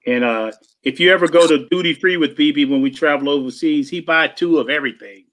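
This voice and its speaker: Lively storytelling man, animated. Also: on the high side, a little fast. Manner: animated, imitates drum sounds and voices, laughs often. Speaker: guest drummer telling stories. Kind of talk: casual storytelling chat.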